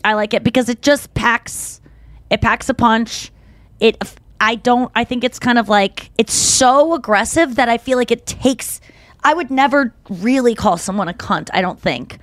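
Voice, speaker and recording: A woman's voice: a little high, moderate pace, no room sound. A woman co-hosting a podcast in casual chat, talking frankly and rambling, full of "like" and swearing. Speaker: podcast co-host.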